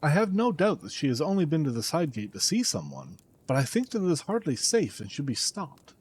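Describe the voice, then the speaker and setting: A man's voice: fairly high pitch, huge pitch swings, fairly quick, slight background noise. A man doing an enraged older banker father. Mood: stern. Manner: angry, shouting accusations. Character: older male banker, distraught, furious father. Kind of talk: audiobook character reading.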